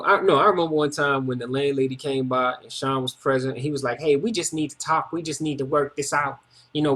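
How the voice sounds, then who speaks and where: A man's voice: fairly high pitch, fairly bright tone. A man vlogging a personal story in a casual, rambling monologue, agitated, repetitive and full of slang.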